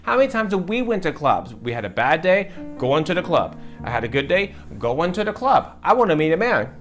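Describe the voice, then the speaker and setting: A man's voice: fairly high pitch, big pitch swings, fairly quick, fairly bright tone, soft background music. A man, hosting his own show and talking with emotion and repeating phrases for emphasis. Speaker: host. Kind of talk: heartfelt direct-to-camera talk.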